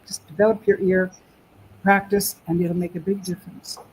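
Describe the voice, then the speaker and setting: Canadian woman accent coach, warm-toned, emphatic teaching delivery with deliberate pauses. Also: lowish voice, level tone, slight background noise, poor audio. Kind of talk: webinar panel answer.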